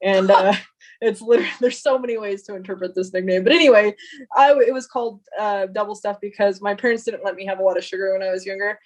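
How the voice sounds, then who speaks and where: A talkative woman guest speaks earnestly in a relaxed podcast interview. Her pitch stays quite even and flat as she talks. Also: fast talker. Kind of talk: casual interview chat.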